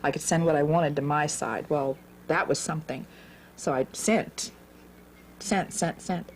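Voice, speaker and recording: Earnest halting woman in her forties. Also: sits low, a little hiss or hum. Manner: earnest, halting, repeats words. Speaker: interviewee telling her life story. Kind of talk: personal storytelling.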